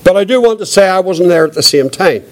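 An older man giving his testimony as a preacher, earnest and reflective, with a quiet voice. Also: high-pitched, expressive, quick pace. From Northern Ireland. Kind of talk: testimony sermon.

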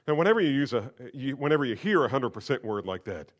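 Animated male preacher. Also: mid-range voice, fast talker. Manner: animated, conversational preaching with rhetorical questions. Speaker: senior pastor. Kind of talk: sermon.

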